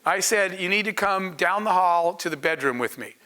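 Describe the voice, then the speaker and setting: Middle-aged male entrepreneur, high bright voice, lively storyteller who acts out the quotes. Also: normal speed, low-quality recording. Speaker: entrepreneur giving a masterclass. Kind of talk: storytelling lecture to an audience.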